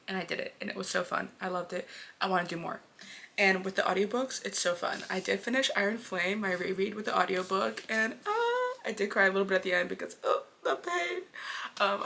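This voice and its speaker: A young woman talks fast and casually about books she is reading, gushing and poking fun at herself. Her voice is bright with a gravelly fry at the ends of phrases. Faint room noise sits behind her. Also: medium pitch. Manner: chatty, gushing, self-mocking. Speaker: book vlogger. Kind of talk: casual vlog chat.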